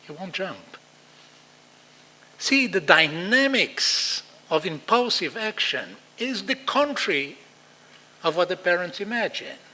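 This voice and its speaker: A man with an Israeli accent giving a conference talk, animated and acting out quoted dialogue. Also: high voice, takes it slowly, rough recording. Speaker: lecturer.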